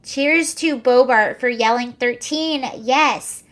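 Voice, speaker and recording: A woman's voice: sits high, slow. A young woman hosting a casual livestream, chatting sarcastically, laughing often and answering viewer comments. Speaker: livestream host.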